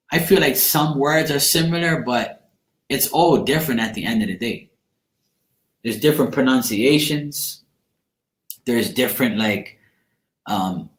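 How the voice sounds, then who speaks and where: A man's voice: a little high, fairly bright tone. A man, a tarot card reader, chatting casually with viewers on a live stream at the end of a tiring day, blunt and joking and swearing freely. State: tired at end of long day. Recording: roomy echo.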